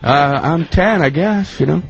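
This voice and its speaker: A man telling a comic story as a radio guest, often jumping into loud, high-pitched put-on voices. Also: measured pace, vocal fry, dull audio. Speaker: comedian guest. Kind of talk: storytelling comedy bit.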